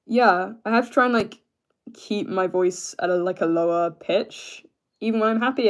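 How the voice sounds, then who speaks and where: Young British man streaming casually, halting and filler-heavy, keeping his voice lower than it wants to sit. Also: fairly even intonation, clean tone. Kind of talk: casual live-stream chat answering viewers.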